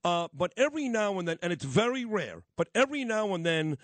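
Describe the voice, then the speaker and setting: A man's voice: high voice, sing-song, brisk, no room sound. A man hosting a radio talk show in a casual, emphatic, chatty way. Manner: chatty, emphatic, talks about his own life. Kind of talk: casual interview chat.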